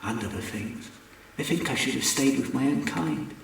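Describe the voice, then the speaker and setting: A man's voice: medium pitch, normal speed, creaky, slight background noise, close to an everyday voice. A man voicing an earnest, lovestruck male alien visitor in his own voice for an audiobook. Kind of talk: audiobook character voice. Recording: echoey room, distant mic.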